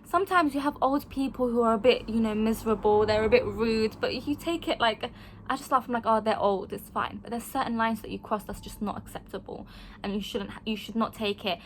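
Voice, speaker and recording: Young woman vlogging, telling stories all animated and blunt, voice a bit on the high side, faint room hum behind. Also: brisk. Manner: animated storytelling, frank and emphatic, acts out quoted voices. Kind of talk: casual chat to camera.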